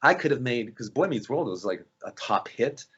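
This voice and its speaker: A man's voice: medium pitch, moderate pace, breathy edge, lo-fi sound. A man, an actor guest, telling anecdotes in a casual interview and acting out the voices of people he quotes. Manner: animated, acts out quoted voices.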